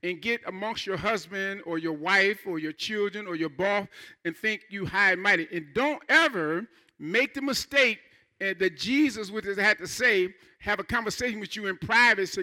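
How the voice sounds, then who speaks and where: Bright high-voiced male preacher. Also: normal speed. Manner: fervent preaching with call-and-response. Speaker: pastor. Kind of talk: sermon. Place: church.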